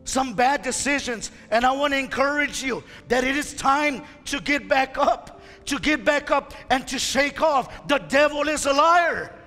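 A male pastor preaching a fiery sermon to his church, whose impassioned delivery rises to shouts. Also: very high-pitched, a little slow. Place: church sanctuary. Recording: reverberant church hall with faint music.

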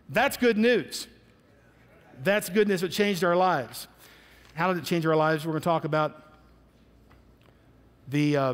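A man with a fairly high voice preaches from the pulpit, telling stories and acting out the voices of the people in them. His words ring out with a long reverb, as if in a large hall. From United States. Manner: storytelling, acting out quotes in animated voices. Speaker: pastor. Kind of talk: sermon.

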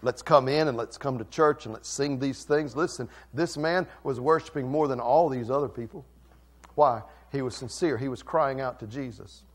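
A male pastor preaching a passionate sermon that swings between loud and soft. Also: medium pitch, normal speed.

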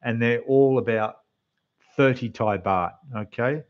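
A man with an Australian accent hosting a casual model-building livestream, chatting away to viewers in a slightly rough voice. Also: mid-range voice, a little slow, muffled recording. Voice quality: rough, losing its depth. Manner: chatty, rambling, talks to the chat while building. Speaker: scale model livestream host. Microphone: desk microphone, quieter when turned away.

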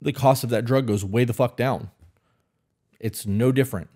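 A man's voice: mid-range voice, moderate pace, mellow, slightly rough. A man co-hosting a podcast, talking bluntly and opinionated, with frequent swearing. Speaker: podcast co-host. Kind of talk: casual opinionated chat.

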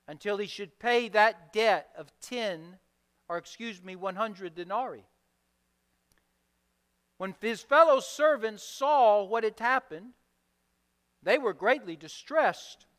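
High-voiced slow-preaching man in a reverberant church. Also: fairly bright tone, clean tone. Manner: deliberate preaching with emphatic repetition. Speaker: pastor. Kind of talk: sermon. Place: church sanctuary. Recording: long reverb of a church hall.

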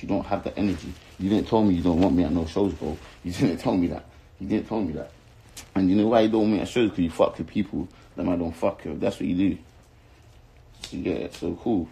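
Deep, gravelly South London man ranting. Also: warm tone, rough recording. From London, England. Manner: angry, insulting, swearing, repeating himself. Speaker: rapper. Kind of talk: heated rant to camera.

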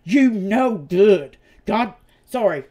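A woman from Tennessee, giving a heated, profane vlog rant that swings between loud outbursts and hushed talk. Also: medium pitch, expressive, slow. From Tennessee, USA. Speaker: YouTuber.

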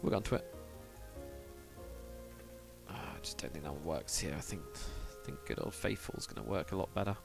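Guy streaming a build, low-ish voice, mutters along, answers chat, quiet music underneath. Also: expressive, moderate pace, vocal fry, long pauses. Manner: rambling, thinks aloud, mutters to himself; reads out and answers viewer chat. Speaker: live streamer. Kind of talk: casual live stream chat while building in a game.

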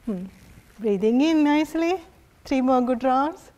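A woman yoga instructor guiding a family class in a gentle, encouraging way, often laughing softly. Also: high-pitched, expressive, unhurried, muffled recording.

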